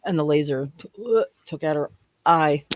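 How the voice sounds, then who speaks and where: A man in a casual podcast chat, blunt and excitable, swearing freely. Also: a little high, normal speed, lo-fi sound, slight background noise.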